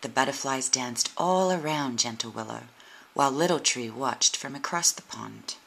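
A woman narrating a children's storybook in a gentle, unhurried way. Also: extremely low pitch, creaky, slight background noise, rough recording. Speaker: storybook reader.

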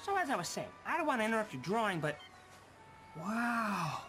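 A man voicing a chatty, scheming male seagull in a game, fast and jokey. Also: high-pitched, big pitch swings, pushed and bright, exaggerated voice. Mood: wisecracking. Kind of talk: cartoony game voice acting. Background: game music.

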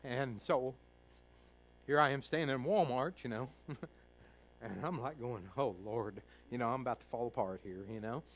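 A middle-aged male pastor from Kentucky preaching a sermon, telling a personal story in a folksy way, acting out the voices of others and moving between hushed and loud. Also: mid-range voice, normal speed, a little hiss or hum, rough recording.

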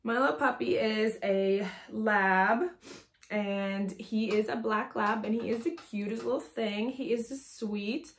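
A woman in her thirties talks through a sewing tutorial at home, her throat sore and a little strained. She chats loosely, wandering into asides and filling pauses with "um." The room around her is bare and echoey. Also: medium pitch, steady tone. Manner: chatty and rambling, many "um"s and asides. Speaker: sewing pattern designer demonstrating a project. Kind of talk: casual sewing tutorial chat.

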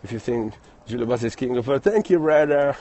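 A man with an Italian accent, chatting casually in a live stream while walking outdoors through city streets. He reads viewer comments aloud and speaks in a friendly, halting way. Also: mid-range voice, lively intonation, mellow. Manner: friendly, chatty, halting non-native phrasing.

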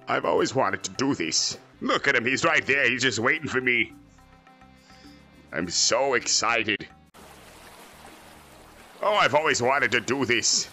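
Male actor as a brash, foul-mouthed villain, bright tone, boasting. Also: mid-range voice, expressive, unhurried, long pauses, faint music behind, heavily acted. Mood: cocky. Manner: boastful, crude, joking. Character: cocky arrogant male android villain, gamer. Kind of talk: fan parody voice acting.

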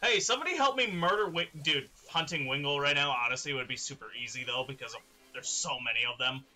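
A young man streaming a game, chatting excitedly with his viewers and laughing often. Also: medium pitch, quick pace, soft background music. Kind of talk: live-streamed gameplay chat.

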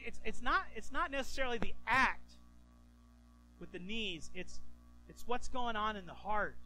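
Animated high-voiced male pastor preaching. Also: poor audio. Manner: animated storytelling, stammering restarts. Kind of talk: sermon.

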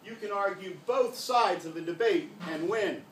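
A man's voice: sits high, moderate pace, a bit bright, slight background noise, voice pushed up. A man voicing a stern inner voice that lectures and accuses in a blunt, matter-of-fact way. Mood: scolding. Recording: echoey live room from far off.

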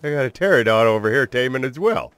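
A man giving excitable let's-play commentary as a gaming channel host, swearing mildly and talking to his viewers and the creatures he tames. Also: medium pitch, fast talker, no room sound.

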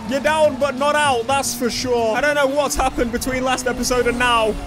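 A man hosting a racing-game let's play, rambling and excitable, yelling one moment and muttering the next. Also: very high voice, moderate pace. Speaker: gaming channel host. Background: racing game music and engine sounds.

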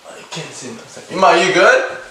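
Young male prank vlogger, high voice, hyped, recorded roomy and off-mic. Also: very animated, moderate pace, bright, forceful tone. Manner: hyped, calls to viewers. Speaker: prank channel host. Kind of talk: casual prank vlog. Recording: echoey room, mic at a distance.

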